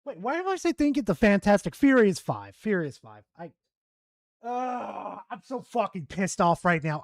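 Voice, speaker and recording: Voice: mid-range voice, big pitch swings, normal speed, vocal fry, dry recording, studio quality. A streamer rambling and swearing in frustration while commentating a game. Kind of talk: gaming commentary while playing.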